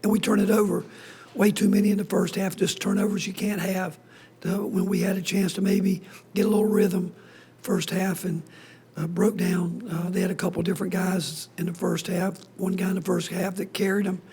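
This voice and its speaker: A man speaking as a basketball head coach at a postgame press conference, hoarse with his voice nearly gone, in a breathy half-whisper that keeps stopping and restarting sentences. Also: sits high, flat delivery, a little mellow. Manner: halting, restarts sentences often.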